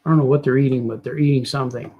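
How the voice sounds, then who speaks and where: A man's voice: mid-range voice, steady tone, racing, dark tone, breathy edge, dull audio. A man cartoonist chatting casually and thinking aloud as he draws, rambling and cracking jokes. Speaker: cartoonist drawing on a show. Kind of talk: casual commentary while drawing.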